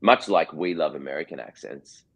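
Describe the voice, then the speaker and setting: A man with a strong Australian accent and an extremely low voice sits as the guest in a casual interview. He talks in loose, rambling runs, often stopping to repeat a word before finding his thought. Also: moderate pace, gravelly, a bit bright, slightly rough. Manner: rambling, full of restarts and repeated words. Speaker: guest actor.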